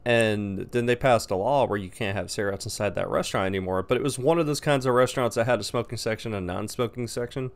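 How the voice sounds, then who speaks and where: A young man vlogs in a casual, rambling rant. His voice sits low with a gravelly rasp, and he swears bluntly as he goes. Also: fast talker, few pauses. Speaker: vlogger.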